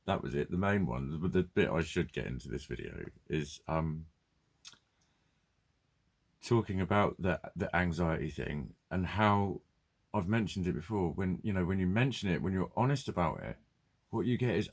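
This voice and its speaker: A man's voice: sits low, animated, normal speed, gravelly, slightly rough. A man ranting bluntly and swearing in a casual vlog. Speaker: vlogger. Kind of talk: casual ranting monologue to camera.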